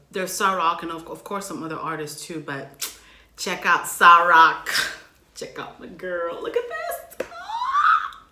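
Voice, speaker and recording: A woman massage therapist hosting her own channel, gushing with excitement through a casual unboxing vlog full of slang. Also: on the low side, reverberant, slight background noise.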